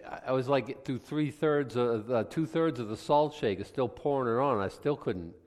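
A man's voice: mid-range voice, moderate pace, darkish tone, big-room sound. A man preaching a folksy, conversational Bible lesson, rambling with frequent restarts and homely asides. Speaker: pastor.

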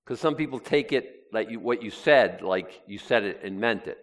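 Man, pastor, sermon, animated, lively pitch, sarcastic asides. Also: normal speed. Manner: animated, sarcastic asides, reads scripture aloud.

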